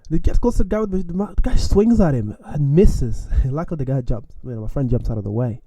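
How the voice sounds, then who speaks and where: Young man, casual animated storyteller, deep mellow voice, dry recording. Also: fairly quick, husky, no echo. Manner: animated, chuckling, casual slang-filled.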